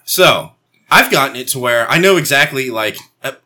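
A man in casual chat, telling an animated story full of swearing and acted-out voices. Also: medium pitch, moderate pace. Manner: animated storyteller, mimics dogs and himself yelling, swears a lot.

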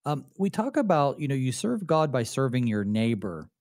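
A man's voice: mid-range voice, sing-song, normal speed, a little mellow, no echo, studio quality. A man, a pastor hosting a talk show, speaking in a reflective, candid way with some fillers. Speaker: pastor and radio host. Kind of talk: conversational theology discussion.

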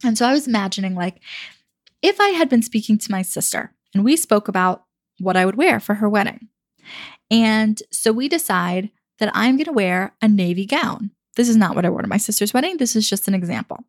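A woman's voice: medium pitch, expressive, fairly quick, no echo, studio quality. A young adult woman giving dating advice in a chatty, casual monologue, often acting out what people say. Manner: chatty, acts out quoted voices, fillers like "you know". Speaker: dating coach.

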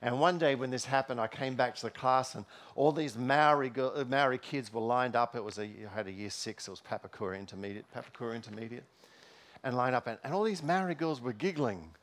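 A man's voice: medium pitch, a little fast, fairly bright tone. A middle-aged man preaching a sermon in a church, telling personal stories with many fillers and restarts. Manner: storytelling, with frequent fillers and restarts.

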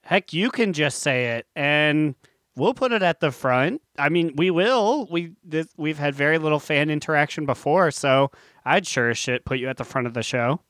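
A man co-hosting a podcast in casual chat, easygoing and quick to laugh. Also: on the high side, animated, a bit bright, no echo, studio quality. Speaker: podcast co-host.

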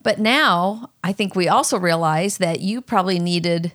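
A woman's voice: lowish voice, moderate pace, a bit bright. A middle-aged mother speaks frankly in a casual chat. She tells her stories unhurriedly, in a plain everyday voice. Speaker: guest, mother.

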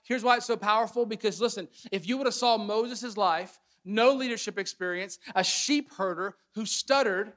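A man preaching a sermon as pastor to his congregation, swinging between loud emphatic build-ups and quiet, hushed asides. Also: extremely high pitch, moderate pace, few pauses. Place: church sanctuary with congregation.

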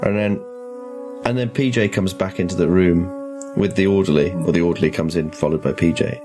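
A man narrates as game master of a tabletop horror game, often halting and restarting as he goes. His voice is low and deep. Music plays clearly underneath.

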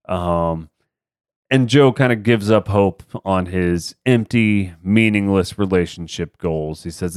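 Podcast co-host, man, lowish smooth voice, dry close sound, loose chatty recap. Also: normal speed, no echo. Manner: laughing, loose, acts out quotes. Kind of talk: casual chat recapping a TV episode.

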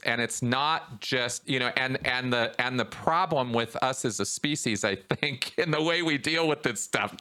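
A man hosting a podcast, talking casually and getting animated, his voice climbing when he's worked up. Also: mid-range voice. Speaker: podcast host. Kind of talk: casual conversation.

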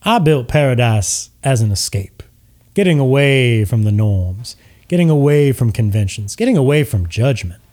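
A man voicing a smooth male tiefling resort mogul with a slick showman's sales pitch. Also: animated, normal speed, a little mellow, natural voice. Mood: slick salesy.

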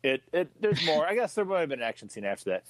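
A man's voice: fairly high pitch, very animated, fast, dry recording, rough recording. A man co-hosting a casual comedy podcast chat, easygoing and jokey. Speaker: podcast co-host.

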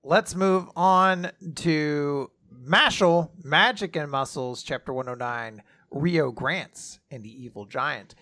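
Man, high voice, podcast host, joking manga recap, sarcastic asides. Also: takes it slowly, few pauses, bright, forceful tone. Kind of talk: casual manga recap chat.

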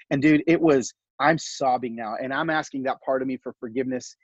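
Husky man telling a heartfelt story. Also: mid-range voice, a little fast, hardly any pauses, no echo, muffled recording. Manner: animated, heartfelt storytelling full of fillers. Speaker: podcast guest. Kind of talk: casual conversational storytelling.

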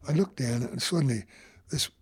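A man's voice: mid-range voice, moderate pace, darkish tone, husky, no echo. An older man, telling a rambling anecdote in an interview and acting out the voices of people he quotes. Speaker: photographer. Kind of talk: anecdotal storytelling.

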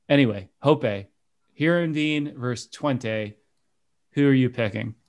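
A man's voice: medium pitch, measured pace. A man hosting a casual football podcast, reading out fixtures and asking his co-hosts for their picks in a joking way. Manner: jokey, reads out fixtures and asks for picks. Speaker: podcast host. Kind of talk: casual sports chat.

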